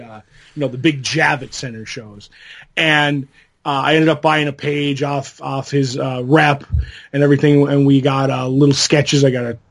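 A middle-aged man with a slightly high-pitched voice co-hosts a casual podcast. He tells long, rambling anecdotes and breaks into a laugh now and then. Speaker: podcast co-host. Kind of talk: casual chat.

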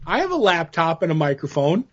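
A man's voice: on the high side, sing-song, fairly quick, fairly bright tone, muffled recording. A man co-hosting a podcast in casual chat, rambling through stories with many fillers and restarts. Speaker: podcast co-host.

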